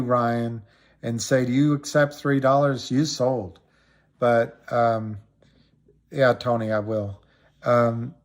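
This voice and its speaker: A middle-aged man hosting a live stream, rambling through stories and answers to callers with many restarts. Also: medium pitch. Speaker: livestream host answering callers.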